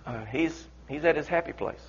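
A man's voice: a little high, slightly rough, pitched below the performer's own voice. A man preacher voicing a grown man who hesitantly breaks bad news to a wife and child. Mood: hushed. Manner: hesitant, halting. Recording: dull lo-fi recording.

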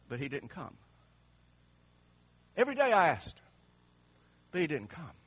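A male pastor preaches with strong emotion, his voice dropping soft and rising loud. His tone is bright but husky and sits a little high. The recording sounds slightly muffled. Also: big pitch swings, normal speed, long pauses. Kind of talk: sermon.

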